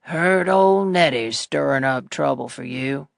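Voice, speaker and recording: A woman reading an audiobook, voicing a friendly male cattle rancher with a Texan accent, folksy and slow-drawling. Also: very deep voice, gravelly, no echo, studio quality, voice pushed down, exaggerated voice. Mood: easygoing. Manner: folksy, drawling, laid-back.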